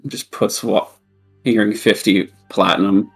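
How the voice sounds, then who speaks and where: A man's voice: lowish voice, steady tone, a little slow, gravelly, faint music behind. A man playing a tabletop game, describing his character's actions in a casual, wry way. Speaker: player.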